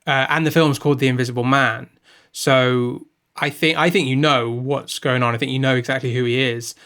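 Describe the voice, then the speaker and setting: Man, podcast co-host, casual film chat, thinks aloud, middle pitch. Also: fairly even intonation, fairly quick, a bit bright, clear, resonant tone.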